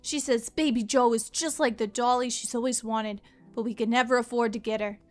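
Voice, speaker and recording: A woman doing a gruff old-time gangster treasure hunter. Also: a little high, steady tone, fairly quick, soft background music, lightly acted. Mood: weary, rueful. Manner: tough-guy gangster drawl. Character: struggling 1930s male treasure hunter, gruff. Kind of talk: reading a journal aloud in character.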